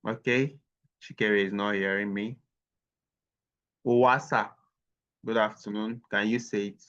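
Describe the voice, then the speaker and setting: A man with a fairly low voice teaches a language class over a video call, patiently sounding out each word slowly and repeating it for the learners. The call audio is dull and lo-fi. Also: steady tone, fairly bright tone. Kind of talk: online language lesson.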